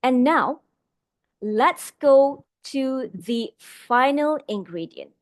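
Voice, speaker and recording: A woman's voice: sits high, expressive, no echo, studio quality. A woman trainer with a Malaysian English accent teaching an online class on vocal delivery, calling her audience "my dear friends" and reading out their replies. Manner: varies loudness and slows down for emphasis. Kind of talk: live webinar lesson on vocal delivery.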